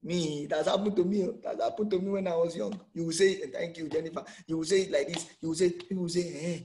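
Animated Nigerian preacher man. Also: high voice, quick pace, a little hiss or hum. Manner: animated, emphatic preaching with rhetorical questions. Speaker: pastor. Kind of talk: sermon.

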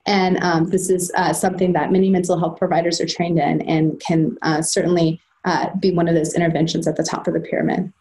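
Vrouw die aarzelend een lezing geeft. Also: female voice, fairly low pitch, level tone, a little fast, few pauses, a little mellow, low-quality recording. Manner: hesitant, many fillers and restarts. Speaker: presenter at a telehealth training. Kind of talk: recorded slide-lecture presentation.

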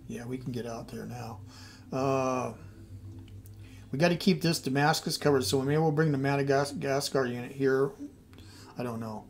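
A man's voice: medium pitch, normal speed, gravelly, long pauses, a little hiss or hum. A middle-aged man thinking aloud as he plays a strategy game, muttering and trailing off. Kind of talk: casual game commentary.

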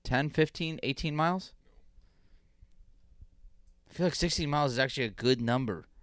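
A man's voice: mid-range voice, normal speed, a bit bright, dry recording. A man co-hosting a podcast, chatting casually and teasing the others with dry jokes. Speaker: podcast co-host. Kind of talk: casual chat.

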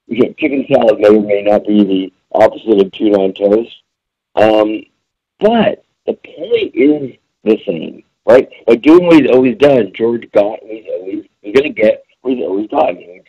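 Gravelly, lively male business speaker. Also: lowish voice, normal speed, lo-fi sound. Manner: lively storyteller, frequent fillers. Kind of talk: conversational webinar talk.

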